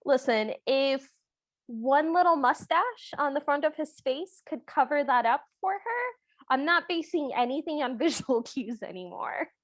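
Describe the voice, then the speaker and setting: A woman co-hosting a podcast with a high, bright-pitched voice, full of wry asides and laughter. The sound is dry and close. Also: animated, measured pace, no echo. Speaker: podcast co-host. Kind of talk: casual podcast chat.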